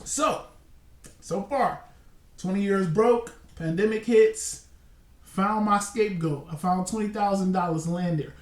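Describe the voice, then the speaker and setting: A man's voice: high voice, a little slow, darkish tone. A man in his forties giving casual commentary and spinning a long hypothetical scenario, repeating points for emphasis. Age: 40s. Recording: roomy echo, distant mic.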